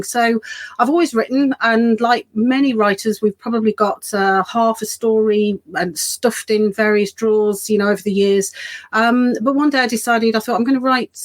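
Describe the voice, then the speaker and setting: A middle-aged woman with a Birmingham accent, a children's author chatting as a guest, laughing lightly and self-deprecating. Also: fairly high pitch. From Birmingham, England. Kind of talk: casual interview.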